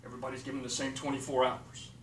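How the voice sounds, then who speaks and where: A man's voice: medium pitch, completely flat delivery, very fast. A man giving a blunt, profane motivational monologue, punctuating points with "okay" and "period". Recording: echoey room, distant mic, faint noise.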